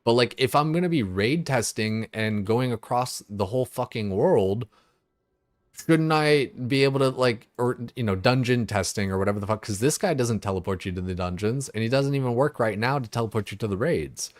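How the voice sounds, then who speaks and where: A young male gaming streamer rants loosely and with exasperation during a casual livestream, packing his talk with swearing and filler words. His mid-range voice moves at a moderate pace, and the clean studio recording has no echo.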